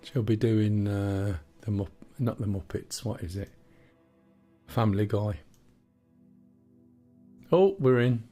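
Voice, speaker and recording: A chatty man in his sixties runs a live game stream, his voice sitting a little low. He rambles and drops jokey asides as he plays. Faint music hums underneath. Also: takes it slowly, pauses often, mellow. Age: 60s. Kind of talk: casual gameplay chat.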